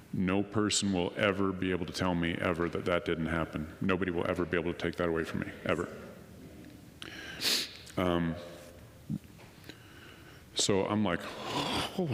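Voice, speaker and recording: A man giving an earnest, emotional personal testimony at a conference, acting out what others said to him. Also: deep voice. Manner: earnest and emotional, quoting others in lively voices. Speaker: conference speaker. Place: conference hall. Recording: long reverb of a hall.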